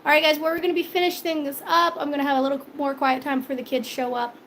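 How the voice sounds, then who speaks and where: High-voiced chatty cooking host woman. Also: little pitch movement, fast talker, fairly bright tone, slight background noise. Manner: chatty, laughs often, answers viewer comments. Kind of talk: casual live-stream chat.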